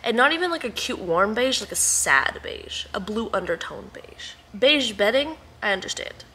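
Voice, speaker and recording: Young woman vlogging at home, bright chatty voice, little whispered asides, faint room hum. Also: medium pitch, lively intonation, moderate pace. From Texas. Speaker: book vlogger. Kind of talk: casual chat to camera. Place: at home indoors.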